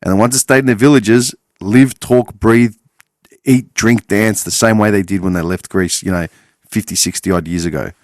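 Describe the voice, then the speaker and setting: Rambling man, swearing, low voice. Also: fairly even intonation, normal speed, dry recording, studio quality. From Australia. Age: 40s. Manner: meandering, swears freely, self-correcting. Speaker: podcast host. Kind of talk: casual rambling monologue.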